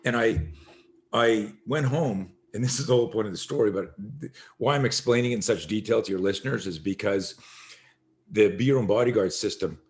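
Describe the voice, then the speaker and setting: A middle-aged man, a self-defense instructor, telling an animated story as a podcast guest and acting out the voices in it. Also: fairly low pitch, fairly quick, slight background noise.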